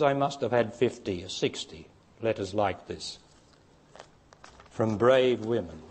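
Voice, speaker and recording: A man's voice: fairly low pitch, expressive, takes it slowly, slightly rough. An older man with an Australian accent giving a spiritual teaching talk, emphatic and insistent, pushing his voice up to stress his points.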